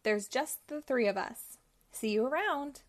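A woman's voice: high voice, expressive, unhurried. A woman voicing a sly middle billy goat who talks his way past trouble. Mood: coaxing.

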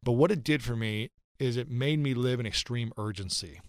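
A man's voice: mid-range voice, moderate pace, no room sound, studio quality. A man in his thirties, a podcast guest, telling a personal story in an earnest, reflective way and repeating phrases for emphasis. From United States.

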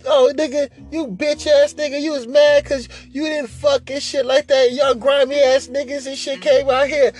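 A man voicing an angry young woman who yells insults down the phone. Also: very high-pitched, little pitch movement, normal speed, hardly any pauses, soft background music, voice pushed up. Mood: furious. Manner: scolding, shouting insults.

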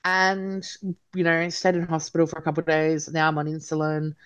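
A woman's voice: low-pitched, completely flat delivery, brisk, clear, resonant tone. A woman guest talking frankly and casually in an interview, blunt and occasionally swearing. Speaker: podcast guest. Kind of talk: candid casual conversation.

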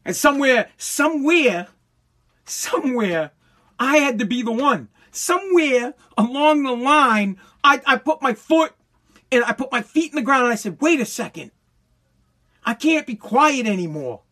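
A man's voice: very high-pitched, animated, normal speed, pushed and bright. Heated, profane man ranting on a podcast. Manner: heated, repetitive, profane, stumbling restarts. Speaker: podcast host. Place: home basement.

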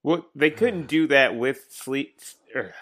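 Male co-host, mid voice, dry measured remarks. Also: medium pitch, a bit bright. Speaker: podcast co-host. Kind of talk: casual chat.

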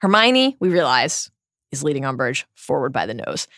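A woman's voice: a bass voice, sing-song, normal speed, a bit bright, no echo, clean studio sound. A woman hosting a book podcast, retelling chapters and reading quotes aloud with wry asides. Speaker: podcast host. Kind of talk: book discussion podcast with read-aloud passages.

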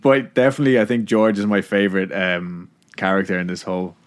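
A man's voice: low voice, flat delivery, fairly quick, clear, resonant tone. A man hosting a podcast, casually narrating a story with laughs and swearing. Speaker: podcast host.

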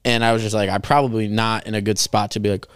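Young male guest, quick animated storyteller, clear voice, dry close sound. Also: fairly low pitch, no echo. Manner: animated storyteller, filler-heavy. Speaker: podcast guest. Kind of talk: casual chat.

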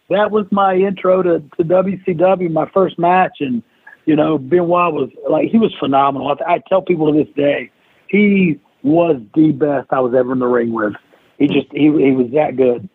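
A man's voice: fairly high pitch, moderate pace, breathy edge, no echo. A man, a guest on an interview podcast, telling a long story and acting out the quoted lines of the people in it. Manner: animated storyteller who acts out quoted lines. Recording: dry, tinny phone-like line.

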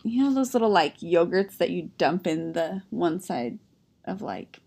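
A woman's voice: fairly low pitch, lively intonation, measured pace, creaky, darkish tone. A woman in her thirties, a podcast co-host, chatting casually and telling a story with frequent laughs. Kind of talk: casual chat.

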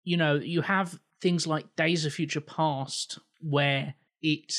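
A man's voice: fairly high pitch, steady tone, takes it slowly, fairly bright tone. A man co-hosting a film podcast, explaining his points in a thoughtful, casual way. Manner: thoughtful, explanatory, chuckles often. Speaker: podcast co-host.

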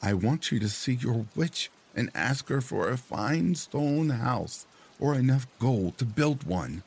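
Man putting on a shrill nagging old fishwife. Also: lively intonation, slow pace, gravelly, a little mellow, slightly rough, heavily acted. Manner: shrill and insistent.

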